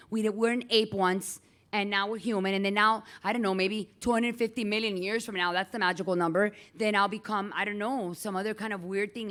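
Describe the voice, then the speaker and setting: A middle-aged woman teacher giving a chatty, animated lecture in a classroom and calling on students by name. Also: medium pitch.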